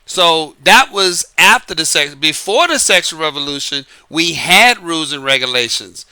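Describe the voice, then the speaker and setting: A man's voice: a little high, expressive, moderate pace, bright, forceful tone, smooth, no room sound. A man from New Orleans with a light Southern accent, talking through dating advice in a casual, emphatic monologue, repeating his points and chuckling between them. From New Orleans, Louisiana.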